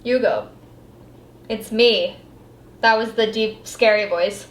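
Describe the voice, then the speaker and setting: Quippy young woman, slightly high, echoey. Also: slow. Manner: joking, calls out what she hears. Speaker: paranormal investigator. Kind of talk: ghost-hunting session. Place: hotel room at night. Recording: echoey room with faint noise.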